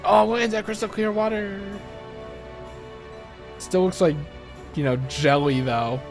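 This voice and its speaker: A man's voice: high-pitched, animated, unhurried, faint music behind. Chatty young man streaming a game. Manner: chatty, rambling, laughs easily. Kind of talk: casual let's-play commentary.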